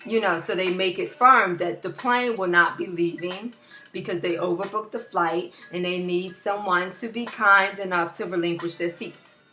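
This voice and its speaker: A woman vlogging a casual opinion rant into a laptop, animated and rambling with many restarts. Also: fairly low pitch, moderate pace, faint music behind. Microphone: laptop built-in mic.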